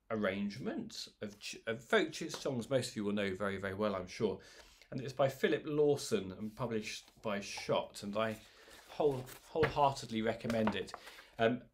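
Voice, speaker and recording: A man leading a choir rehearsal, gently giving instructions, counting in and singing short lines for the singers to repeat. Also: fairly low pitch, a little hiss or hum. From England. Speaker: choir leader. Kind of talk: online choir rehearsal, call and response.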